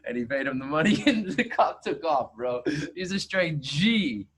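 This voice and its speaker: A young man hosting a podcast, talking fast in casual conversation, laughing often and swearing freely. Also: fairly high pitch, expressive, a bit bright, husky. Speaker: podcast host.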